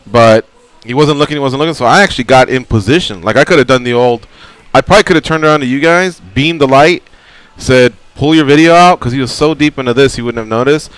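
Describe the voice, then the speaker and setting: A man who is a regular on a radio talk show, telling stories in a lively way and acting out the scenes. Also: medium pitch, quick pace, hardly any pauses, clean tone, no echo. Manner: animated storyteller acting out scenes. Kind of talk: casual radio chat.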